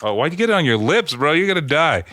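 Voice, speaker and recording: Bright-voiced joking podcast host. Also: male voice, on the high side, big pitch swings, fast, dry recording, clean studio sound. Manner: joking, laughs often, profane. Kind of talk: casual podcast banter.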